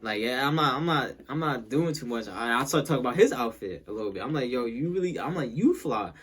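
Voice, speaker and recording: A man's voice: mid-range voice, lively intonation, quick pace, background noise. A young man telling a casual storytime, rambling and repeating himself as he acts out what people said.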